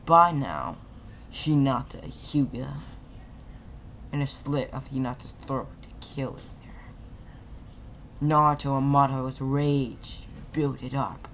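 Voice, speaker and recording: A man's voice: medium pitch, lively intonation, measured pace, sharp tone, a little hiss or hum. A man casually narrating a fan-made anime story, stumbling and repeating words as he goes.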